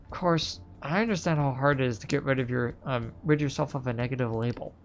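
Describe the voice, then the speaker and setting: A man reading game lines aloud as a gentle, earnest young heiress, with a slipping English accent and a soft, polite, sincere delivery. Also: medium pitch, quick pace, faint music behind, close to an everyday voice.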